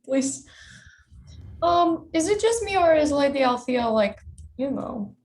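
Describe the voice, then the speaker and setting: A woman's voice: sits high, big pitch swings, normal speed, darkish tone. A woman playing in a tabletop game, chatting in a playful, giggly way. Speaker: player. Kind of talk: casual tabletop game chat.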